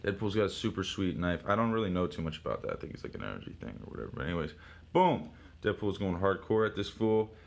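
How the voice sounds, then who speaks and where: A young man casually paging through a comic, talking in an excitable, profane, rambling way with shouted sound effects. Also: deep voice, fast talker, vocal fry. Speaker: comic book reviewer.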